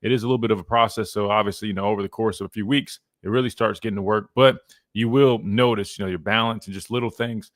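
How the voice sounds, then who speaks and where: A man's voice: on the low side, steady tone, quick pace, dry recording. Brief: thirties male sports radio host, loose and chatty, dry close studio sound. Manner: laid-back, rambling, lots of "man". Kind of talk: casual sports talk. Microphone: studio mic.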